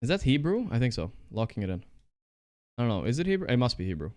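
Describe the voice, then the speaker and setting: A man streaming a geography guessing game, thinking out loud, excitable and trash-talking his opponent. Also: mid-range voice, fast talker. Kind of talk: casual live-stream commentary while playing.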